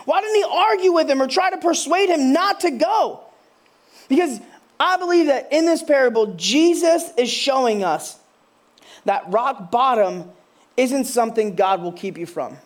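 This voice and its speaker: A man in his thirties preaching a sermon as a pastor, building from quiet storytelling to impassioned, near-shouted questions. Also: extremely high pitch, expressive, normal speed.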